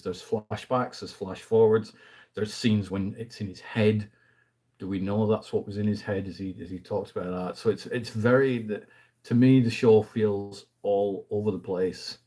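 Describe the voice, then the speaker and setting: A man talks casually about films he has been watching, wandering into asides and chuckling lightly mid-sentence. His voice sits a little low, with a mellow, husky tone. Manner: chatty and rambling, with frequent asides and fillers. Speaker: movie review host. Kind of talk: casual movie review chat.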